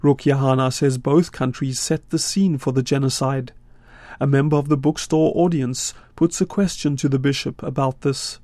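A man reporting a radio news feature in a measured, scripted voice-over from a studio. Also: mid-range voice, no echo. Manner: measured, steady delivery.

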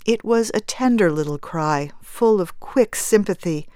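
Woman reading an old story aloud, slow and low-ish, dry close mic. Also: expressive, a little mellow, clear, resonant tone, no echo. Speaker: audiobook narrator.

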